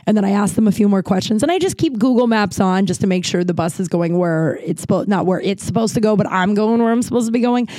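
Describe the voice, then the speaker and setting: Rambling podcast host, mellow dry voice. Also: medium pitch, fast talker, few pauses, no room sound. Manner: rambling, many restarts and filler "like"; casual, swears freely. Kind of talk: casual storytelling monologue.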